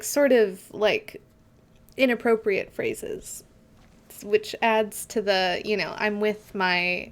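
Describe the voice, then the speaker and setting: Slow-talking woman streamer, rambling. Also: mid-range voice. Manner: rambling, filler-heavy storytelling. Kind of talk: casual live game commentary.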